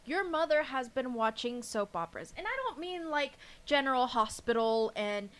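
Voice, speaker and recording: A woman co-hosting a casual podcast chat, talking in an animated, emphatic way and swearing freely. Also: high-pitched, moderate pace. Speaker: podcast co-host.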